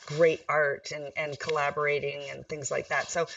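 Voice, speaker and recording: Bright, chatty woman mayor, distant mic. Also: low voice, flat delivery, moderate pace, gravelly, no echo, lo-fi sound. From Nevada, USA. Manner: chatty and upbeat, laughs often. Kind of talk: casual interview chat.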